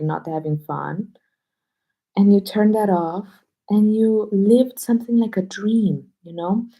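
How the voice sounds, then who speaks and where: A woman teacher on a live stream, speaking low and hushed at home so she won't wake people sleeping nearby. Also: poor audio.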